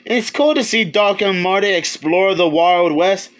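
Male reviewer, high pitched voice, loose halting delivery, casual video review. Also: fairly bright tone. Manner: rambling, halting, many restarts, chuckles. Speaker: movie reviewer.

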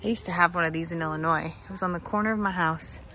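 A woman vlogger chats casually on a walking vlog while browsing an outdoor garden center, talking to the plants and a dog. Her voice is lowish and steady in tone, fast and sharp.

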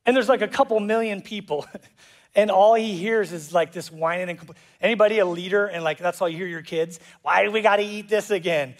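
A man preaching a sermon as pastor, animated and jokey, acting out voices in quotes. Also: high voice, brisk. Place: church auditorium.

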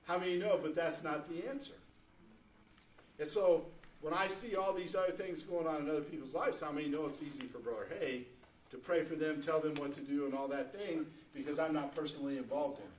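A man's voice: on the high side, fairly quick, slight background noise. A man preaching a sermon to his congregation, folksy and conversational, rising to fervent emphasis. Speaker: pastor. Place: church sanctuary. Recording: echoey church room, mic at a distance.

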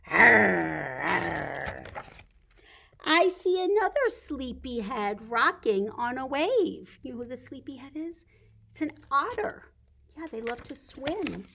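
In a high-pitched, sing-song voice, a woman librarian runs story time for babies. She reads from a picture book, sings easy songs and imitates animal noises, all in a lively, animated way.

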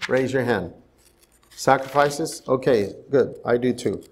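A man's voice: medium pitch, a little slow, slight background noise. A male pastor giving a conversational bible study sermon in a church, often asking the congregation questions. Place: church sanctuary.

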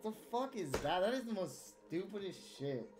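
A woman's voice: medium pitch, very animated, moderate pace, darkish tone. Profane, ranting woman streamer over music. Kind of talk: live gameplay commentary. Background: game music.

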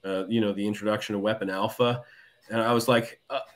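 A man's voice: lowish voice, steady tone, fast talker. A man appearing as a guest cartoonist in a casual comic book discussion, talking thoughtfully and analytically. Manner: thoughtful, analytical, with many restarts.

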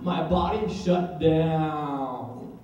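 A young man with a high voice performs a spoken word poem, taking his time and swinging between hushed lines and loud ones. The mic sits well away from him, and the very echoey room rings around every word. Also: drawn-out words, recorded from a distance, highs cut off.

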